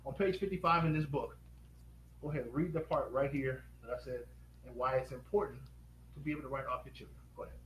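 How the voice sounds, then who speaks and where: A man hosting a live stream pitch, upbeat and quizzing viewers with rapid questions. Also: a bit bright. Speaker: host. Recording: echoey room with faint noise.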